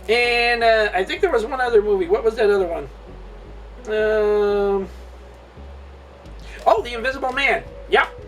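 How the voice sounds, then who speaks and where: A man's voice: very high voice, sharp tone, recorded from a distance. A man hosting a casual movie review, rambling and laughing often mid-sentence.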